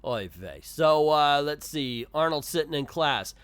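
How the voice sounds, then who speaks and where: A man's voice: a little high, lively intonation, a little slow, fairly bright tone, smooth, no echo. A man giving casual comic commentary, blunt and rambling with frequent stammers. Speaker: comic reviewer.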